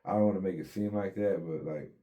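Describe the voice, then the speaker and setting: A deep, mellow-voiced man talks fast as he recounts his life story in a casual interview. He speaks in laid-back street slang, swears often, and acts out quoted dialogue.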